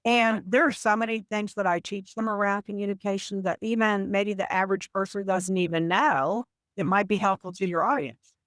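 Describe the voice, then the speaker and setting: A woman guest on a podcast interview, explaining habits in a measured, example-filled conversational way. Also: medium pitch, fairly bright tone, no room sound. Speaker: podcast guest, communication coach.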